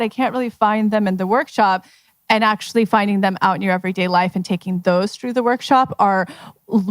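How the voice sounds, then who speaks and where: A woman coach speaks at a live event, her voice gravelly and fry-laden but dry and close. Her delivery is chatty and storytelling, loose with fillers, pitched at a middle level. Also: no echo. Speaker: manifestation coach, guest. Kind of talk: casual talk to a live audience. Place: live event at a members' club.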